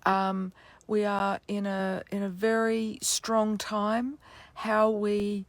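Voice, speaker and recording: A woman's voice: medium pitch, flat delivery, slow pace, no room sound. A woman giving a reflective spiritual astrology talk, often adding "you know" and "yeah" as she goes. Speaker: astrology teacher.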